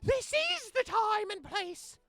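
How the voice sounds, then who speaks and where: A man voicing a solemn female divine intercessor in a high falsetto, speaking slowly and formally in a tabletop game. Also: lively intonation, pushed and bright, no room sound, exaggerated voice. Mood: commanding. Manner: slow, lofty, formal pronouncements.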